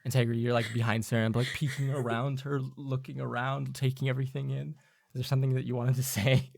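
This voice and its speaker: A man acting as game master, narrating a tabletop game in a halting, filler-heavy way. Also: medium pitch, little pitch movement, vocal fry, darkish tone, no room sound.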